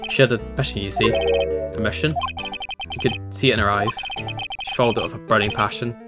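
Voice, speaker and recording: A man's voice: lowish voice, steady tone, fairly quick, over loud music, natural voice. A man doing a pompous old lawyer. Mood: evasive. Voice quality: stuffy, old-fashioned, blustering. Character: pompous older male lawyer, gruff and evasive.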